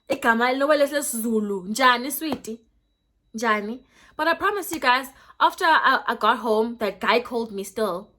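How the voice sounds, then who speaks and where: A young South African woman in her twenties, telling a story in a casual vlog, lively and switching between English and Xhosa. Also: a little high. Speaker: YouTuber.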